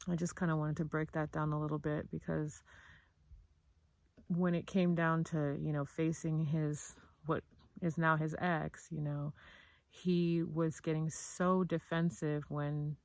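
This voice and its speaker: A woman's voice: deep voice, flat delivery, slow, vocal fry, pauses often, a little mellow, dry recording. A woman talking candidly in a casual commentary vlog, chatty and full of fillers, with the occasional swear. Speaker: vlogger.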